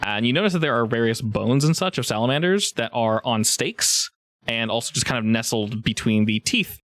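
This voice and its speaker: Dude running a tabletop game, laid back, lots of ums, mid voice. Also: male voice, mid-range voice, fairly quick, no echo. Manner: relaxed, rambling with many fillers. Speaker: game master.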